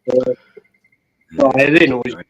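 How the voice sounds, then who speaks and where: A man calling in as a guest, telling animated, swear-filled stories. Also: mid-range voice, measured pace, no echo, low-quality recording. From Australia. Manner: animated storyteller, swears freely. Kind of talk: casual chat on a call.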